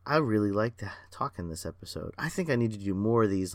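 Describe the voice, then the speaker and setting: A man hosting a solo podcast as a performance coach, excitable and rambling, talking in a self-aware way. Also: lowish voice, fairly quick, no room sound.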